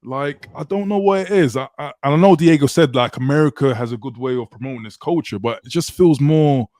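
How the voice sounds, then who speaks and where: A man from the UK hosts a livestream in a casual, chatty way. He hypes up his viewers, and his voice sits at a middle pitch with a dry, close sound. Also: fairly quick, mellow, no echo. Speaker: livestream host. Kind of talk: casual livestream chat, reading super chats.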